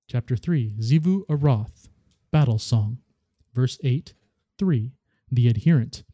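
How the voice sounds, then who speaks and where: A podcast host reads lore headings aloud, plainly and evenly. His voice is very dark and mellow. The recording is dry and close. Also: medium pitch, measured pace, dry recording.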